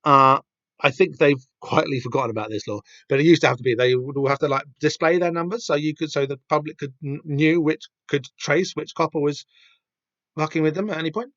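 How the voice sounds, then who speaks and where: Brisk and slightly high, with a touch of brightness, this podcast host rambles through a laid-back comic-book reading chat, full of fillers and false starts. The sound is dry and dull, from a lo-fi home mic.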